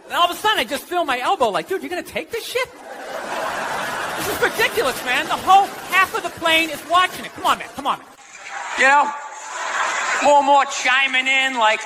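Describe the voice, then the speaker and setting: A man doing a sarcastic, swearing stand-up comedy set in a club. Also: very high-pitched. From United States. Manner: sarcastic, ranting, swears often. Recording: live club with crowd laughing and room noise.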